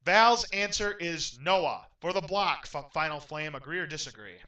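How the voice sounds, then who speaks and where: Bright upbeat game show host man. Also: fairly high pitch, normal speed, far from the mic, rough recording. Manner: upbeat, announcer-like, bursts into excitement at wins.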